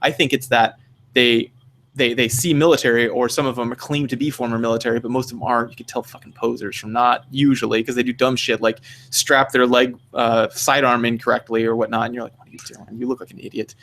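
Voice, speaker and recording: A young man chatting on a podcast, blunt and profane, acting out other people in quick asides. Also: mid-range voice, little pitch movement, a bit bright. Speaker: podcast co-host. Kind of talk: casual chat.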